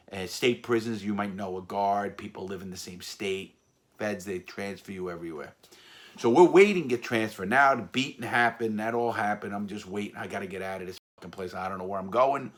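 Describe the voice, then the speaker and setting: A man's voice: on the low side, a bit bright. A middle-aged man telling a blunt, profane story about his time in prison. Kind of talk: casual storytelling monologue.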